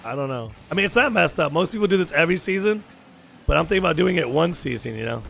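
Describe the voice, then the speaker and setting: A young man with a hoarse, sore throat, chatting casually with viewers while streaming a game and swearing freely. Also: on the high side, lively intonation, fast, fairly bright tone, a little hiss or hum. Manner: chatty, swears freely, calls people dude. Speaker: gaming streamer. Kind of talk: casual gaming chat with viewers. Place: home gaming setup.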